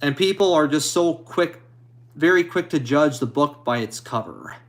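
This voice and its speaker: A man streaming and answering viewer comments in a halting, hesitant way, apologetic and a little anxious. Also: on the high side, lively intonation. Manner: halting, hesitant, with many restarts; apologetic and modest. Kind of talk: casual live chat.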